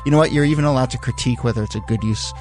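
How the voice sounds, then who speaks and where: A man's voice: medium pitch, rapid-fire, a little mellow, faint music behind. A man hosting a podcast, steering the discussion with questions and reading the sign-off. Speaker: podcast host. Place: studio. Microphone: studio mic.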